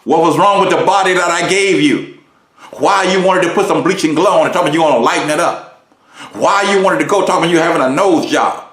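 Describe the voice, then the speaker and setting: A man doing an indignant God, stern, pointed questions, pitched well above his normal voice, roomy echo. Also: fast, a bit bright, lightly acted.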